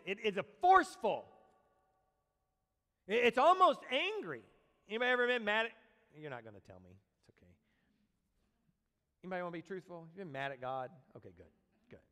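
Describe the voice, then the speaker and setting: A man preaching a sermon as a pastor, animated, acting out quoted voices and speaking directly to his congregation. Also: sits high. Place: church sanctuary. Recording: long church reverb.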